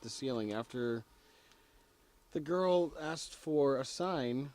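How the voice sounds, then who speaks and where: A man's voice: medium pitch, slow, a little mellow, slight background noise, natural voice. An actor playing a male paranormal investigator who explains a test in a matter-of-fact way. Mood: explaining.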